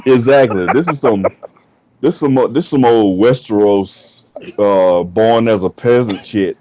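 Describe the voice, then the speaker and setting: A man's voice: lowish voice, a little slow, crowd noise. A man co-hosting a comedy podcast, rambling through profane, joking stories. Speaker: podcast co-host. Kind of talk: casual comedic banter.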